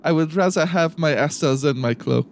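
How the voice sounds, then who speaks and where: A man voicing Papa Gaston, a gentle, forgiving father who reassures his child in calm, formal phrasing. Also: fairly high pitch, moderate pace, vocal fry, slight background noise. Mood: reassuring.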